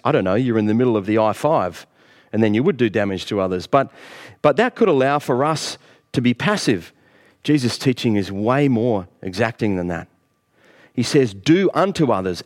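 A man's voice: mid-range voice, a little mellow. Earnest male pastor preaching. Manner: earnest, rising emphasis on key phrases. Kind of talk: sermon.

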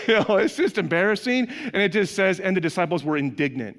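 A man's voice: high voice, expressive, fast. Man preaching in an echoing hall. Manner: conversational, acts out quoted voices, asks the congregation questions. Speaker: pastor. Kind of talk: sermon.

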